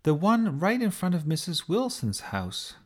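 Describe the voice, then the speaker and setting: A man voicing a small, excitable boy in a children's story, with a high, chirpy voice. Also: measured pace, exaggerated voice. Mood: excited. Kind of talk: storybook character voice.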